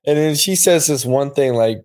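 A man in casual chat, rambling and halting as he recaps a show. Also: medium pitch, darkish tone. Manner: rambling, halting, frequent laughs, profanity. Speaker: podcast co-host.

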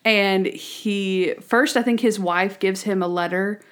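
A woman's voice: medium pitch, slow. A woman co-hosting a podcast, first narrating an episode summary, then chatting about it animatedly with frequent laughs. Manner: animated, laughs often, acts out quotes. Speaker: podcast co-host. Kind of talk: casual chat recapping a TV episode.

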